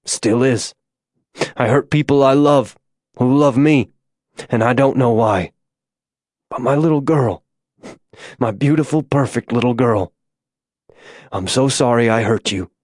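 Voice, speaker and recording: A man voicing a remorseful middle-aged father confessing in a hushed voice. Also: mid-range voice, measured pace, long pauses, no echo, clean studio sound, lightly acted.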